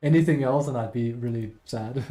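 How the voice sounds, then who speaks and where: A man's voice: mid-range voice, moderate pace, warm tone, soft background music. A man streaming live and chatting casually with viewers, rambling and self-deprecating as he reads chat aloud.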